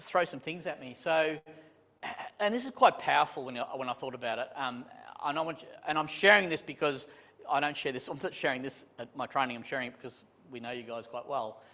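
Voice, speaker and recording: Male trainer, fairly high voice, chatty and self-deprecating, long hall reverb. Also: a little fast. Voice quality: chatty, animated, self-deprecating jokes, many restarts. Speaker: property management trainer. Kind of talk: live training talk to a room. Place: conference room with a live audience.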